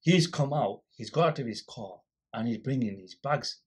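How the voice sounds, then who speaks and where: A man's voice: medium pitch, lively intonation, moderate pace, a little mellow, slightly rough. A man, a guest in an interview, animatedly telling a story and acting out the dialogue. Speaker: guest, volunteer litter picker.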